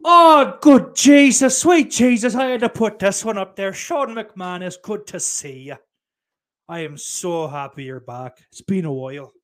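A man's voice: high-pitched, animated, measured pace, fairly bright tone, voice pushed up. A man putting on an exaggerated mock Irish accent that slides toward Scottish. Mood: gushing.

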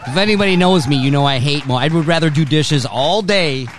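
A man's voice: on the high side, a little fast, some chatter behind, slight background noise. A middle-aged man hosting a casual chat, laughing often and swearing freely. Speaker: podcast host.

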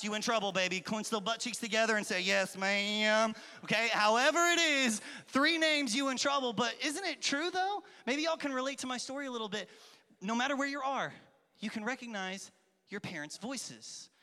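A man in his thirties, a children's pastor, gives a lively, playful sermon to a crowd of kids, acting out voices. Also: high-pitched. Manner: animated, playful, acts out voices and calls to the crowd. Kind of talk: lively kids' church sermon with storytelling. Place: large church hall with an audience. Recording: long hall reverb.

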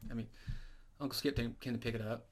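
A man co-hosts a casual podcast, spinning a long profane story at a quick clip. He talks in loose run-on bursts, laughs partway through, and a faint background hiss sits under the voice. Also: medium pitch, fairly even intonation. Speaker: podcast co-host.

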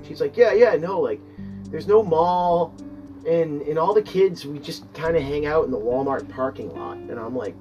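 A man's voice: a little high, animated, normal speed, darkish tone. A young man from Massachusetts, hosting a podcast and telling a story in a casual, rambling way with many fillers and swearing, livening up when he quotes people. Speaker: podcast host. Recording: distant mic, dull lo-fi sound, faint music behind.

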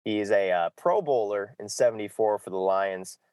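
A man's voice: lowish voice, normal speed, a little mellow, smooth, dry recording. A man hosting a casual sports podcast, loose and jokey, often saying "exactly". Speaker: podcast host.

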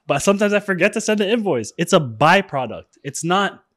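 Man, fairly high voice, blunt slangy podcast co-host, casual chat. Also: big pitch swings, fairly quick, a bit bright.

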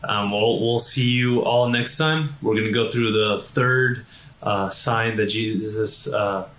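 A man's voice: on the low side, unhurried, fairly bright tone. A man hosting a faith podcast, reflecting on a bible passage in a casual, affirming way. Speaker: podcast host. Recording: roomy echo, faint noise.

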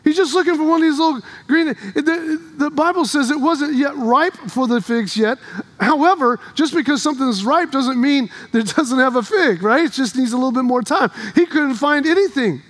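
High-voiced animated male preacher. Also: normal speed. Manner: animated storytelling, rising to shouts. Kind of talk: sermon.

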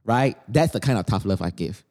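A woman's voice: extremely low pitch, lively intonation, fairly quick, warm tone. A woman life coach, talking in a podcast conversation, dramatic and sarcastic. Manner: dramatic, sarcastic, acts out whiny clients.

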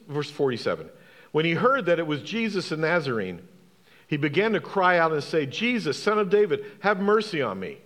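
Give me a pastor preaching emphatically, a man with a lively, rather high voice. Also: big-room sound. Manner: emphatic, repeats key phrases, asks the congregation questions. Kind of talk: sermon.

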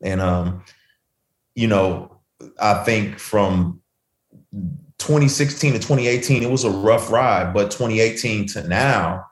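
A man's voice: fairly low pitch, a little slow. A man speaking as a guest in a casual chat, reflective and easygoing with slangy asides. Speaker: guest artist. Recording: roomy echo.

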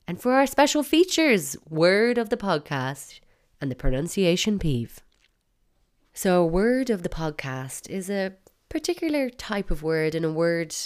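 A woman's voice: low voice, smooth. A woman with an Irish accent hosting a solo podcast, chatty and wry, with bursts of mock outrage. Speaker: podcast host.

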